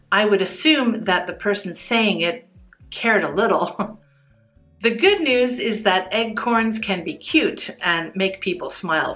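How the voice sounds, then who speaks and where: A woman teaching English in a clear, measured voice with a bright tone. She talks slowly and carefully, and soft music runs faintly under her voice. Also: mid-range voice. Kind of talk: scripted educational explanation.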